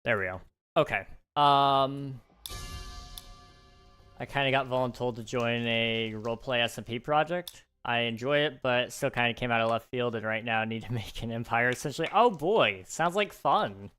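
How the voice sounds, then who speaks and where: Bright, chatty young gaming streamer man. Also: medium pitch, clear, resonant tone. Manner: chatty, relaxed, thinks aloud with fillers and small laughs. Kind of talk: casual live-stream chat while gaming.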